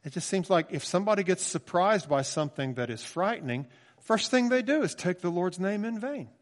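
Pastor, 60s, male, slightly high voice, emphatic and chatty in the pulpit, long church reverb. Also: animated, a little fast. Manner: conversational, emphatic, with asides and restarts. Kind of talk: sermon.

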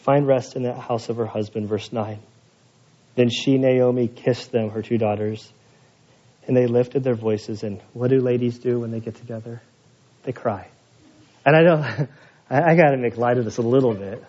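A man's voice: mid-range voice, fairly even intonation, normal speed, pauses often, dark tone. A man preaching an expository sermon in a church, conversational with joking asides. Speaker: pastor. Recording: dull lo-fi sermon recording.

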